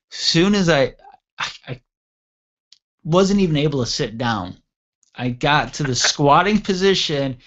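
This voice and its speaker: Animated man telling a crude story. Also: fairly high pitch. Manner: animated, acts out voices, crude humor. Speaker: radio show host. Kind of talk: casual storytelling chat. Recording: dull lo-fi radio show audio.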